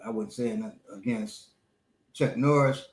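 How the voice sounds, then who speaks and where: A middle-aged man hosting a casual talk show, his words slightly slurred as he recovers from a small stroke. He speaks haltingly, stopping often and filling gaps with ums and uhs. The room around him rings with echo. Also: mid-range voice. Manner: halting, many pauses and fillers. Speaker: podcast host and instructor. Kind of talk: casual chat.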